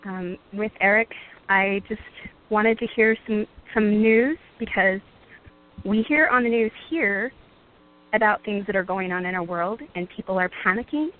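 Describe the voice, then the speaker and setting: Gentle rambling woman caller on the phone. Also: mid-range voice, a little slow. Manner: rambling, gentle, with frequent "um"s and soft laughs. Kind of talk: casual call-in question. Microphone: phone call. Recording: tinny phone line.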